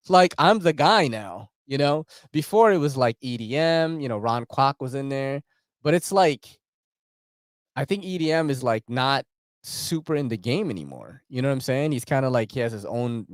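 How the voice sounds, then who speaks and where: A man's voice: medium pitch, no echo, studio quality. A man vlogging about knives in a rambling casual chat, full of slang and frequent swearing. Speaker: knife vlogger.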